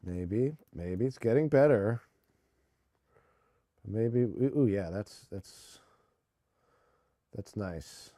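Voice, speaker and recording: A man's voice: lowish voice, lively intonation, drawn-out words, pauses often, warm tone, no room sound. A man hosting a live music-mixing stream, muttering to himself and poking fun at his own mistakes. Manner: mutters to himself, self-deprecating. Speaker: host mixing music on a livestream. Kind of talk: casual running commentary while working.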